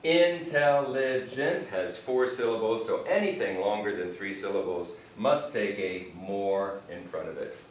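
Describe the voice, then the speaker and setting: Slow echoey male English teacher. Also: lowish voice. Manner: slow, spells words out letter by letter; repeats example sentences while writing on a board. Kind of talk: grammar lesson. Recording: echoey room, mic far off, faint background noise.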